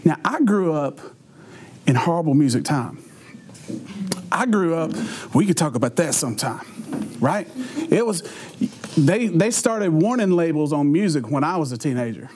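A man's voice: a little high, normal speed, long pauses, crowd noise. A middle-aged man, a youth pastor telling humorous stories to teenagers, laughing often and acting out what people said. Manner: laughs often mid-sentence, animated, acts out quotes. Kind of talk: humorous storytelling talk to teenagers.

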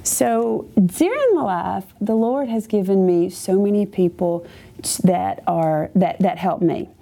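A woman's voice: medium pitch, animated, a little slow, vocal fry, warm tone. A woman schoolteacher giving a chatty, humorous faith testimony to a live audience, full of asides. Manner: chatty, self-deprecating and humorous, with many asides.

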